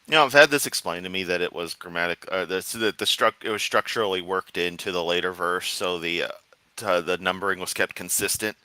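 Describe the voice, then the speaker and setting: A man's voice: low-pitched, fairly quick, bright, forceful tone, smooth, no echo. A man doing reaction commentary on a clip, making wry, sarcastic quips.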